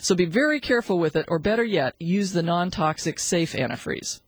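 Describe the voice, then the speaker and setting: Lively woman giving pet-care tips. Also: lowish voice, a little fast, breathy edge, no echo, rough recording. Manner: upbeat, chatty, playful. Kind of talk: scripted radio tip segment.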